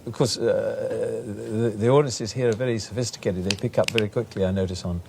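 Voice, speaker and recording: A man's voice: fairly low pitch, steady tone, a little fast, vocal fry, background noise. A man from England, a guest on a talk show, speaking hesitantly with many fillers and a playful streak. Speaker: guest actor.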